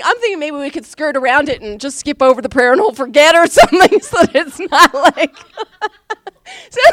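A woman giving a personal testimony at a church service, a chatty and animated storyteller who laughs often and fills her speech with restarts. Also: high-pitched, no room sound. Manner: chatty, many fillers and restarts. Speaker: church speaker sharing a testimony.

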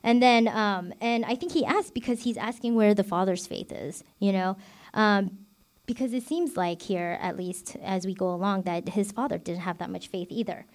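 A woman in her twenties or thirties teaches scripture in a loose, conversational way. She leans on fillers and restarts, thinking out loud as she goes. Her voice sits in a middle pitch. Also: moderate pace. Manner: chatty, filler-heavy, self-revealing. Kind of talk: informal bible teaching.

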